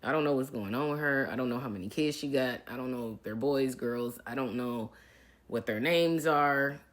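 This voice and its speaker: Speaking at a moderate pace in a bass voice, a middle-aged reality TV personality answers live viewer comments. She reads each one aloud and responds in a chatty, casual way, addressing her audience as y'all.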